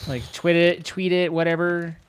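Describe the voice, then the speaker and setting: A man's voice: fairly high pitch, completely flat delivery, moderate pace, a little hiss or hum. A man streaming games and chatting casually with friends, laughing often and rambling through playful jokes. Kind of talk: casual gaming chat with friends.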